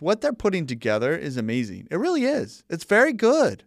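A man's voice: sits high, huge pitch swings, a little fast, vocal fry, no room sound, clean studio sound. A man co-hosting a podcast in casual chat, chatty and exclaiming, often quoting himself. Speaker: podcast co-host, father.

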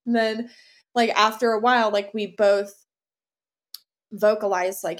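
A woman's voice: mid-range voice, steady tone, unhurried, pauses often. A young adult woman, a podcast guest, speaking openly and earnestly about her personal experience. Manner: open, earnest, says "y'all"-style casual "like". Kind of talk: personal story in interview.

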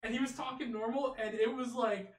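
A young man co-hosting a casual sports podcast, an excitable storyteller who laughs often. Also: very high voice, a little fast, reverberant, distant mic. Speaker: podcast co-host.

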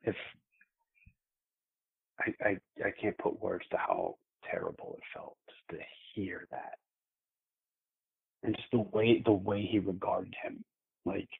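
Husky low-voiced man on a phone line. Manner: halting, repeats words, many fillers. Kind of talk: telling a frightening personal story.

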